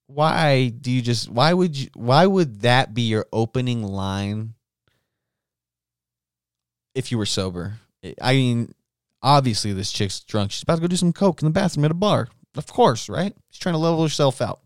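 A man hosts a solo podcast in a loose, rambling monologue full of swearing. His voice sits on the low side and sounds smooth and resonant. The recording is close and dry. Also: dry recording. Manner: profane, rambling storyteller. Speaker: podcast host.

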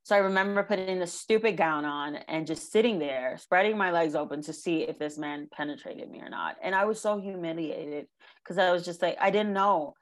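A young woman with a slightly low voice tells her own hard story in an interview. She speaks earnestly and haltingly, often pausing on "um" and "like." She sounds close to tears. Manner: earnest, halting, with many ums and likes. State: emotional, near tears. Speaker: guest sharing her life story. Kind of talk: emotional personal testimony.

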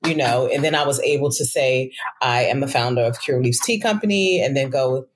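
A woman speaking as a podcast guest about her small business, relaxed and thinking aloud with frequent "um"s. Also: rumbling low, fairly quick, a little hiss or hum. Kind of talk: casual interview answer.

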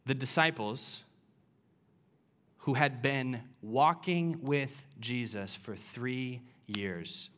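A man's voice: medium pitch, drawn-out words, a bit bright. A man preaching a sermon, retelling scripture as a story and building to impassioned emphasis.

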